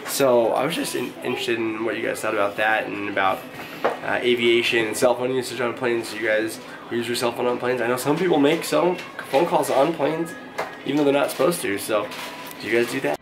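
A man's voice: medium pitch, steady tone, brisk, over music. A young man, a father, chatting casually to the camera in his family's kitchen for a home vlog, rambling through his thoughts in a talkative way. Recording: home video with background noise.

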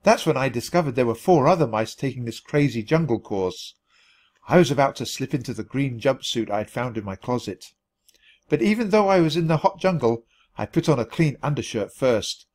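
A man reading a children's storybook aloud at natural speed for language learners, clear and expressive. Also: mid-range voice, a little fast. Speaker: storybook reader.

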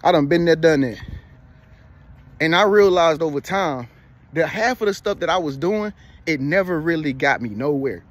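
A man's voice: a little high, expressive, normal speed. A man in his thirties giving casual motivational advice, preachy and repetitive, who keeps checking in with "you feel me.". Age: 30s. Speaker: motivational vlogger.

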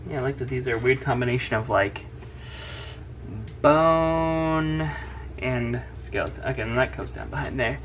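Bright-voiced man teaching drawing. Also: medium pitch, normal speed, lo-fi sound, a little hiss or hum. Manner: chatty, teasing, narrates each stroke. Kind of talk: casual drawing tutorial.

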